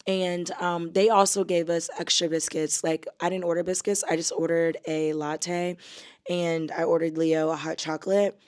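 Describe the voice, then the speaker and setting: A woman's voice: fairly low pitch, level tone, moderate pace, darkish tone. Chatty young woman vlogging. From United States. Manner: chatty, many fillers, addresses viewers as y'all. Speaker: travel vlogger. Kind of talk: casual vlog chat to camera.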